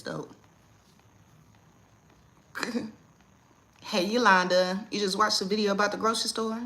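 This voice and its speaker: Bright-voiced chatty woman on a livestream. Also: mid-range voice, fairly even intonation, a little slow, pauses often. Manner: chatty, laughs often, reads viewer comments. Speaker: livestream host. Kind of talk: casual live chat with viewers. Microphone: phone or webcam on a livestream.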